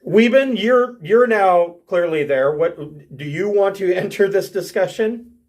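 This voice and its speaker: Male game master, animated slow narration, higher pitch. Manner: laughing, stumbling narration.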